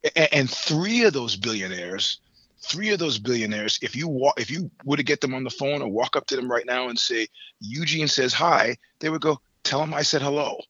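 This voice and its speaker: Rambling, laughing man, bright husky tone. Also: medium pitch, animated, a little fast, no echo, lo-fi sound. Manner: rambling, profane, laughs between points. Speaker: podcast guest. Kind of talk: casual chat.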